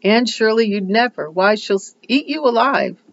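A reader voicing a loyal young girl, a best friend, speaking hushed and scandalized. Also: medium pitch, expressive, normal speed, muffled recording, pitched above the performer's own voice, close to an everyday voice.

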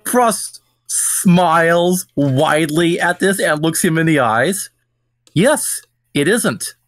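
A man with a slightly raised pitch plays his adventurer in a tabletop game, speaking formally and earnestly to a king. The sound is dry and close, with no room around it. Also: lively intonation, slow, no room sound. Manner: formal, earnest in character speech. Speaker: player. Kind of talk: playing a character in a tabletop game.

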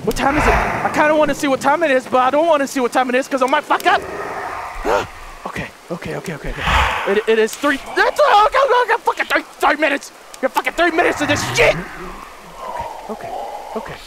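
A young man giving frantic, cursing commentary while playing a horror game and yelling at the monsters. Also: extremely high pitch, sing-song, fast, background noise. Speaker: gaming video host.

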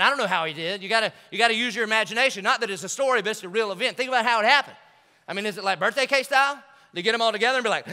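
A man preaching a sermon, telling stories in a lively way and acting out the people in them. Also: high-pitched, fast talker. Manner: animated storytelling preacher acting out scenes. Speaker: pastor. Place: large church auditorium. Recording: large hall with long reverb.

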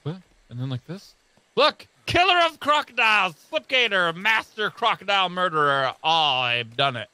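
Young guy hosting a gaming video, super bright voice, all over the place. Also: high-pitched, normal speed, smooth, dry recording. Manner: excitable, shouts and jokes. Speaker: let's play host. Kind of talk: excited gameplay chat.

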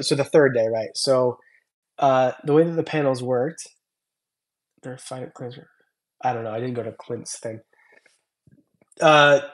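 A young man casually chatting on his stream, rambling and thanking viewers by name as he reads their comments. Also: medium pitch. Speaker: reptile channel host. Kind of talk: casual livestream chat reading comments.

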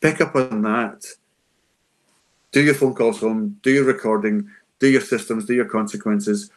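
A man's voice: fairly low pitch, unhurried. A man answering teachers' questions in an unscripted session, emphatic and conversational. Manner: emphatic and conversational, acting out classroom lines. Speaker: school behaviour adviser answering teachers' questions.

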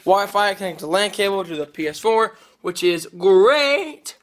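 A young man giving a rambling, excitable vlog update, heard through a camera mic a little way off. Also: high-pitched, a little slow, distant mic. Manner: rambling, excitable, self-correcting. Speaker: vlogger.

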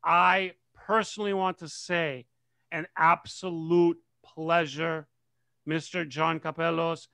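A man with a high, gravelly voice hosts a casual podcast, excitable and animated. The sound is dry and close. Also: slow, dry recording. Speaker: podcast co-host.

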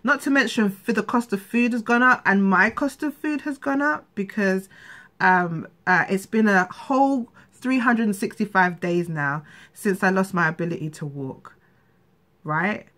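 A woman's voice: mid-range voice, unhurried, fairly bright tone. Frustrated woman venting. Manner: rambling, frustrated, full of restarts. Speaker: vlogger. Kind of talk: candid personal vlog.

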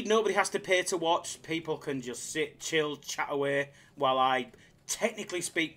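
A man chatting casually on his live slots stream, excitable and self-mocking, swearing freely as he reads the chat. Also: a little high.

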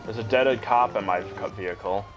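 A man's voice: on the low side, moderate pace, rough recording. A young man commentating casually over gameplay, crude and joking, swearing a lot. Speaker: gamer. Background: game music.

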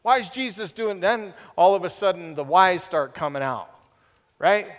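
A man preaching a sermon as pastor in a church, animated, dropping to a hush and then rising loud, with playful asides. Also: sits high, moderate pace, long reverb tail. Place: church sanctuary.

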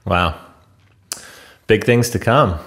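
Man, podcast co-host, low voice, loose hesitant chat. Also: takes it slowly, a bit bright. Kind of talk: casual news chat.

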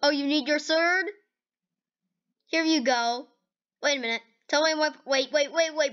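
A woman hosting a gaming video, giving casual reaction commentary in an excitable, chatty way, saying okay and dude over and over. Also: high voice, normal speed, lo-fi sound.

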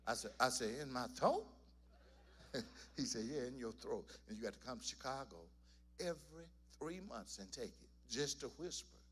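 A man's voice: on the low side, a bit bright, a little hiss or hum. A church singer telling his testimony to the congregation in a folksy storytelling manner. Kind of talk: spoken testimony in a worship service. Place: church sanctuary.

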